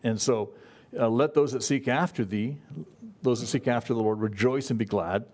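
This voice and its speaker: Folksy, halting male preacher. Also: mid-range voice, a little mellow. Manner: folksy, halting delivery with many fillers and restarts. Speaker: pastor. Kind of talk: conversational Bible-study sermon.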